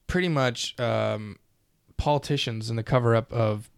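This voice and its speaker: A man co-hosting a casual podcast, talking in a loose, animated ramble that is packed with swearing. His voice sits at an ordinary middle pitch, and the recording is dry and close. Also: moderate pace, gravelly, clear, resonant tone, dry recording. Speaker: podcast co-host.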